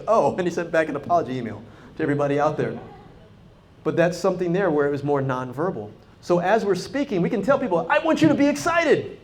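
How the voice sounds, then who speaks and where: High-voiced energetic man on stage. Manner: energetic, animated, acts out quoted dialogue, talks directly to the crowd. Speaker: conference speaker. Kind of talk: live motivational talk to an audience. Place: conference hall.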